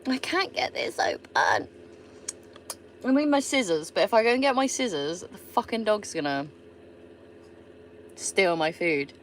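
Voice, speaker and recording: A woman's voice: mid-range voice, sing-song, measured pace, pauses often, a little hiss or hum. A woman from England with a Somerset accent, chatting casually and swearing freely on a live stream while she answers viewer comments. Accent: Somerset English. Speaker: livestreamer.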